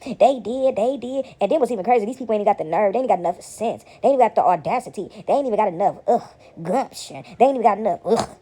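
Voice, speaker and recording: A woman's voice: medium pitch, lively intonation, rapid-fire, warm tone. A woman at home giving casual spiritual commentary to her viewers, rambling and repeating herself and slipping into mocking voices. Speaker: vlogger. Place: at home, sitting back among laundry.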